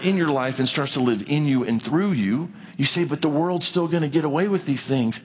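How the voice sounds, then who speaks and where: A man preaching a sermon in a conversational way, reading scripture and acting out short exchanges, with his pitch moving a lot as he goes. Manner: conversational preaching with acted dialogue and wide pitch swings. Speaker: pastor. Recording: long hall reverb.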